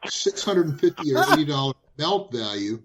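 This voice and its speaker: A man telling hobby stories in casual chat, lively and full of restarts. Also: fairly high pitch, moderate pace. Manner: animated, repeats and restarts phrases. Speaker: guest. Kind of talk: casual storytelling.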